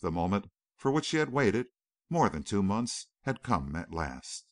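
A man reading a novel aloud as an audiobook narrator, in a dramatic, expressive manner. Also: fairly low pitch, measured pace, dry recording, studio quality. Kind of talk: scripted narration.

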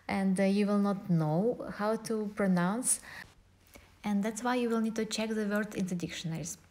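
A woman's voice: medium pitch, darkish tone. Russian-accented woman teaching pronunciation. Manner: methodical, spells out and models pronunciations slowly. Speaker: language teacher. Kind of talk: online language lesson.

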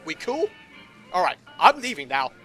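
A man with a high, bright voice riffs through gameplay in a sarcastic, foul-mouthed way, his pitch jumping all over as he reacts. Soft game music sits behind him. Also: big pitch swings, normal speed. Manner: sarcastic, profane, exasperated. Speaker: commentator voicing the player character. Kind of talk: comedic gameplay commentary.

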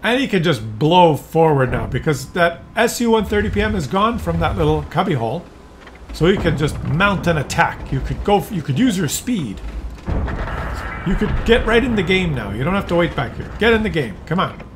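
A man commentates a tank game replay in a fairly high voice, excitable and urging the players on. Tank engines and gunfire from the game play loudly beneath him. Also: normal speed, a little hiss or hum. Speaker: gameplay commentator. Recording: loud game sounds under the voice.

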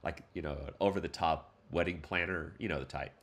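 A man with a very low voice walks through a casual screen tutorial. He rambles in a relaxed, playful way, dropping lots of fillers and side comments as he goes. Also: fairly quick. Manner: loose and rambling, many fillers, playful asides. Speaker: tutorial host.

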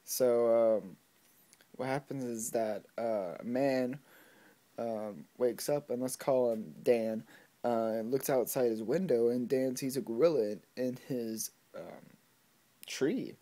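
A man's voice: mid-range voice, slow, mellow. A man vlogging to camera, telling a joke in a rambling way and correcting himself as he goes. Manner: rambling, self-correcting, chuckles at his own jokes.

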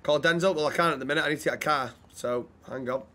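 Laid-back streamer, slightly high voice. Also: male voice, fast talker, a bit bright. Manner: laid-back, chats with viewers, thanks subscribers. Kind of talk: casual gaming chat and roleplay.

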